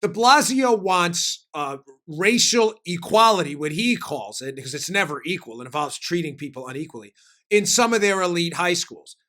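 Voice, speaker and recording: Emphatic high-voiced male podcast host. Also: normal speed. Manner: animated, emphatic, with frequent fillers. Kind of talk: political commentary show.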